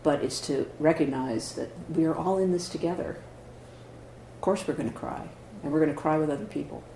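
A man with a high-ish, dark voice talks fairly quickly as a Zen teacher giving a question-and-answer dharma talk. His manner is conversational, with frequent "right?" and "you know." Faint noise and echo fill the meditation hall.

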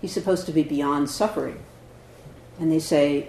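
In an echoey meditation hall with faint noise, a male Zen teacher answers questions during a dharma talk, speaking conversationally and frequently adding "right?" and "you know." He has a fairly high, slightly mellow voice, fairly even intonation, and a normal speed.

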